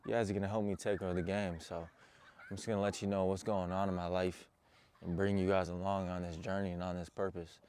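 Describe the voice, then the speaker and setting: A man's voice: low voice, flat delivery, fast talker, darkish tone, slight background noise. A young man, a motivational coach, talking earnestly and intensely straight to his viewers. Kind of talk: personal motivational talk to camera.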